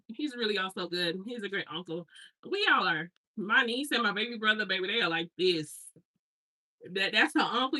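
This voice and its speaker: A woman's voice: a little high, pushed and bright, rough recording. A woman in her thirties, a hair stylist, chatting casually and telling rambling family stories with slangy asides while she unpacks. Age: 30s.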